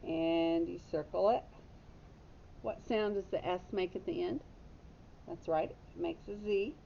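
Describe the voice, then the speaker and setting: A woman teacher walks young children through a phonics lesson, slow and patient, fixing her own slips as she goes. Her voice is low, mellow and gravelly. The audio is dull and lo-fi, with a faint rumble behind her. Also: fairly even intonation.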